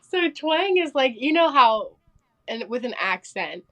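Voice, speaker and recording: A young woman from Pennsylvania, a singer guesting on a podcast, telling stories in a quick, chatty way full of fillers. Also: high voice, big pitch swings, bright, forceful tone. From Pennsylvania, United States. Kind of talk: casual interview chat.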